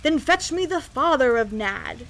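A woman voicing a blustering, impatient king who speaks in a loud, commanding way. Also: high-pitched, normal speed.

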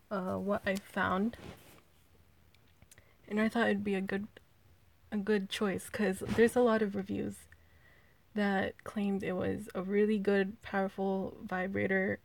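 A woman's voice: mid-range voice, vocal fry, a little mellow. A woman talking casually to her viewers in a product review, hesitant and full of fillers, and slightly out of breath. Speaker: vlogger.

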